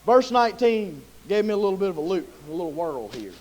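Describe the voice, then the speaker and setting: A man's voice: high-pitched, animated, fast, few pauses, darkish tone. A man preaching a sermon with impassioned storytelling.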